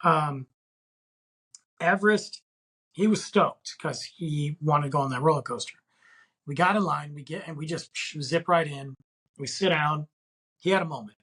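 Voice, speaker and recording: A man's voice: a little high, a little slow, pauses often, fairly bright tone, breathy edge, poor audio. A middle-aged man hosting a casual solo podcast, telling a story in a rambling way with lots of fillers. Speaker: podcast host.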